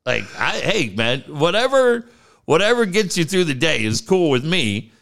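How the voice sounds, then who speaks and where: A man's voice: normal speed, gravelly. A man co-hosting a podcast, chatting casually and profanely, often mimicking people. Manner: animated, profane, mimics people with big pitch jumps. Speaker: podcast co-host.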